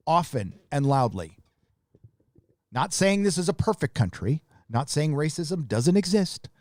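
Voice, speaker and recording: Man, live stream host, slightly high voice, dry close sound, blunt profane rants, reads donations. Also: darkish tone, no room sound. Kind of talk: casual live stream commentary.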